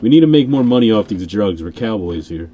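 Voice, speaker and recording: A man's voice: fairly low pitch, expressive, brisk, warm tone, slight background noise. A man hosting a podcast, joking and sarcastic in casual chat. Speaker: podcast host.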